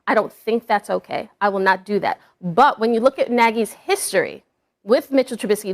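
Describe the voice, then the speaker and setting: A woman arguing a point as a sports analyst on a debate show, firm and measured. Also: a little high.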